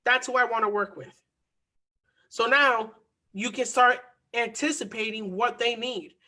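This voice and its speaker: This energetic online coach talks marketing and mindset in a motivational lesson, his very high voice moving at a measured pace as he repeats key phrases for emphasis.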